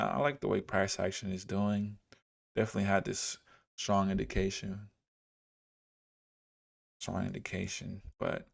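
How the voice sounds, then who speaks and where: Brief: man, gravelly and low, relaxed trading streamer who chats with viewers. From Dallas, Texas. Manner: laid-back, chats with viewers while reading charts. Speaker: livestreamer teaching trading. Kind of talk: casual livestream chat over charts.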